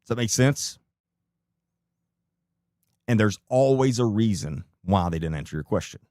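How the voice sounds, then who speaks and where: A man's voice: fairly low pitch, expressive, unhurried, darkish tone, dry recording, studio quality. A man commenting live on a video clip, blunt and incredulous, who swears and repeats rhetorical questions.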